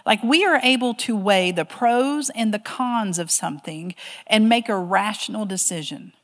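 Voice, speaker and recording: A woman teaching a Bible study class in a chatty, animated way with self-deprecating asides. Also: medium pitch, normal speed, in a large hall.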